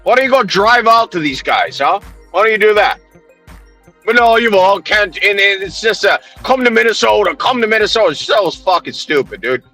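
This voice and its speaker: A man's voice: high voice, animated, moderate pace, bright, forceful tone, no echo, soft background music. A man ranting heatedly on a livestream, swearing constantly, mocking and confronting people while he answers his chat.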